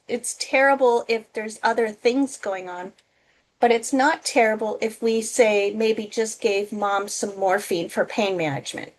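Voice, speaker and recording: A woman teaching as a nursing instructor in a casual recorded lecture, often checking in with "okay?". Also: a little high.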